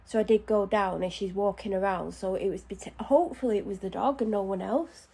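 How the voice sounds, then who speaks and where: A woman's voice: mid-range voice, brisk, vocal fry, darkish tone, husky. A woman chatting casually at home while doing her skin care, anxious and out of breath. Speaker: vlogger. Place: home bedroom.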